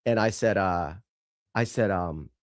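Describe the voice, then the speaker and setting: A man's voice: low voice, a little slow, no room sound. Guy hosting a commentary show, blunt, swears a lot, dry sound. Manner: blunt, emphatic, swears freely. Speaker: show host.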